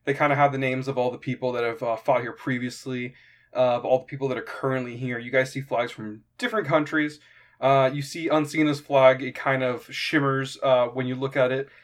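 A man narrating a tabletop game as game master, halting and casual. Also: medium pitch, fairly even intonation. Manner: halting, lots of fillers and restarts.

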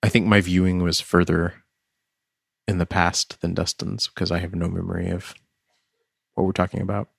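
A man's voice: sits low, little pitch movement, normal speed, creaky, pauses often, slightly rough, dry recording. A man co-hosting a podcast in casual chat, with a dry, self-deprecating manner. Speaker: podcast co-host.

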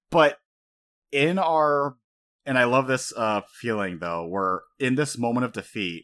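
A young man hosting a casual recap chat who swears freely, laughs often, and gets fired up about the story. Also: fairly low pitch. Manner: animated, profane, laughs often.

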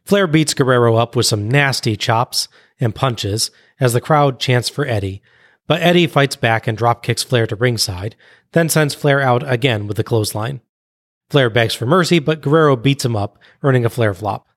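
A man on a podcast recapping a wrestling match blow by blow in a brisk play-by-play recounting. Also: mid-range voice, no room sound, clean studio sound. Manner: brisk play-by-play recounting, laughs at own jokes. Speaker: podcast co-host.

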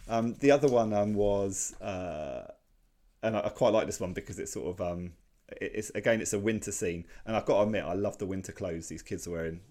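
His lowish, warm voice moves a little fast as he rambles through points on a casual comic-strip podcast he co-hosts. He's in his forties, and his talk is full of fillers and restarts.

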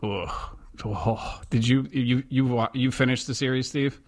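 A man co-hosting a podcast in casual chat, talking in an animated way with lots of restarts. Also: medium pitch, unhurried. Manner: chatty, animated, many restarts. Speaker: podcast co-host.

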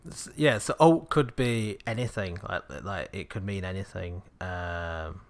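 Yorkshire male host, casual and keen, low-middle register. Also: measured pace. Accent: Yorkshire English. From Yorkshire, England. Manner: chatty, enthusiastic, laughs often. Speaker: podcast host. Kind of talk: casual chat.

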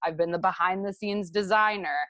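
A woman's voice: medium pitch, steady tone, fairly quick, a bit bright, dry recording. A woman co-hosting a podcast, talking casually and chattily with frequent fillers. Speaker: podcast co-host.

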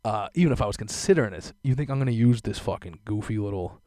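A man's voice: fairly low pitch, fast, no echo. A young man hosting a podcast, telling a profane, laughing rant in casual chat, close to a dry mic. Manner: laughing, profane, animated storytelling.

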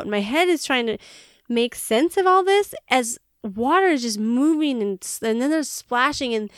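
Podcast lady telling a funny story, animated, laughs a lot, clear smooth voice. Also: high voice, moderate pace, dry recording, studio quality. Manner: animated, laughing, acts out her own panic. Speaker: podcast co-host. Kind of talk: casual storytelling chat.

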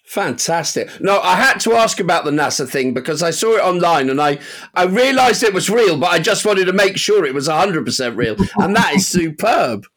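Upbeat podcast host asking questions. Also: male voice, high voice, lively intonation, normal speed, fairly bright tone. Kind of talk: casual interview.

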